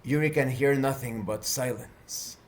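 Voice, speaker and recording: A man narrating a tabletop game as game master, slow and deliberate. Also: mid-range voice.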